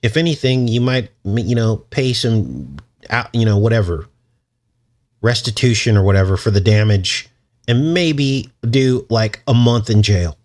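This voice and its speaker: A man's voice: fairly low pitch, lively intonation, a little slow, a little mellow. A man hosting a casual livestream, rambling and chuckling as he answers his viewers' chat. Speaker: channel host.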